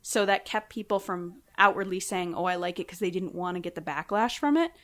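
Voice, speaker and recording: A woman guest on a casual podcast, telling a story with animated energy and acting out quotes in a raised voice. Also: lowish voice, a little fast.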